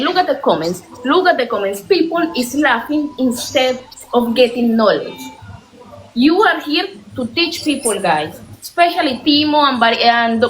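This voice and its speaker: A woman's voice: high-pitched, a little hiss or hum. Scolding woman in an echoey room. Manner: pleading, scolding. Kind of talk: heated live debate.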